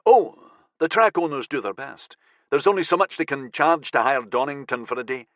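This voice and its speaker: A male narrator voicing a gruff, matter-of-fact middle-aged man in an audiobook. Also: mid-range voice, lively intonation, normal speed, a bit bright, no room sound, pitched above the performer's own voice, close to an everyday voice.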